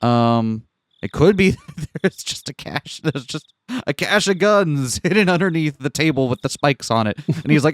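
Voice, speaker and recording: A man's voice: a little high, animated, normal speed, no room sound. A man co-hosting a let's play, chatting casually with stammering restarts and playful asides while reading a visual novel.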